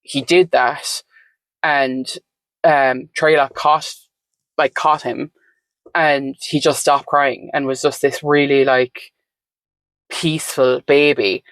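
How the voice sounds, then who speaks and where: A woman's voice: very deep voice, little pitch movement, takes it slowly, long pauses, dry recording, poor audio. A woman telling her story as a podcast guest in a reflective, meandering way, full of "like" and "um". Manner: reflective, meandering, frequent "like" and "um" fillers. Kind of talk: conversational storytelling.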